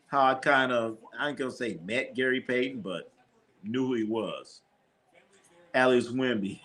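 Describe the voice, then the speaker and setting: Animated slangy man telling stories. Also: medium pitch. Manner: animated storytelling, acts out his own lines; swears freely, slangy. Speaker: sports stream host. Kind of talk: casual live-stream chat.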